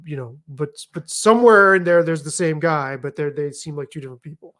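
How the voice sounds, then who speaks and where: A middle-aged man telling stories in a casual chat, animated, emphatic and liberal with swearing. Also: on the high side, fairly quick. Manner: animated, profane, emphatic storytelling. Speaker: podcast guest.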